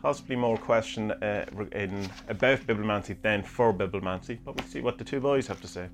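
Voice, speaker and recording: A man's voice: lowish voice, fairly quick, soft background music. A man hosting a podcast, musing aloud through listener questions in a rambling way with many hesitations. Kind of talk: casual chat reading omens from books.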